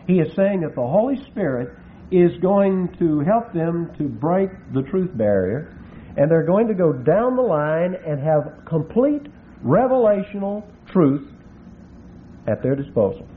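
A man preaching an expository Bible sermon, slowing down to stress and spell out Greek words. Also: fairly high pitch, very animated. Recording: tinny phone-like recording with faint hiss.

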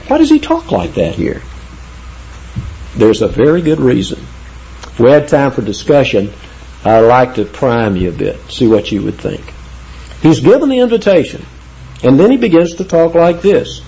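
A man teaching the Bible verse by verse in an emphatic way, slowing down to read scripture aloud. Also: mid-range voice, big pitch swings, mellow, breathy edge. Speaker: preacher. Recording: dull lo-fi sound.

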